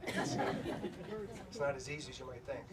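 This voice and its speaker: A man's voice: mid-range voice, flat delivery, a little fast, over a noisy crowd. A middle-aged man telling an anecdote to a live audience at a bookstore event, in a loose, self-deprecating storytelling manner with plenty of fillers. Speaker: author speaking at a bookstore event. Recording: distant, noisy room recording.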